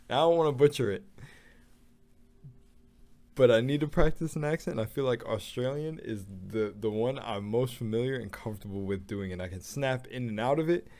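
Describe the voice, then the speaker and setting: A man's voice: mid-range voice, darkish tone. A man hosting a reaction video, chatting casually to camera, rambling and restarting his sentences as he goes.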